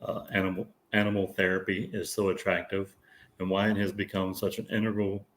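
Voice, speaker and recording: Very deep, flat-voiced man reading news. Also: slight background noise. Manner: steady, measured reading.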